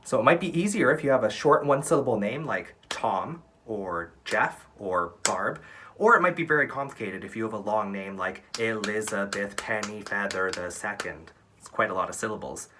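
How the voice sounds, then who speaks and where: A young man teaching an upbeat, encouraging online drama lesson for kids, counting out syllables slowly. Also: mid-range voice, pushed and bright, breathy edge.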